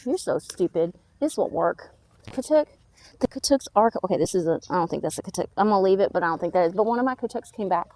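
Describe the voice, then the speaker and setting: A woman's voice: medium pitch, darkish tone, dry recording. Chatty woman touring her garden. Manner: chatty, exclaims and mutters to her plants. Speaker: gardening vlogger. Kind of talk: casual walk-through garden update. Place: outdoors in a backyard garden.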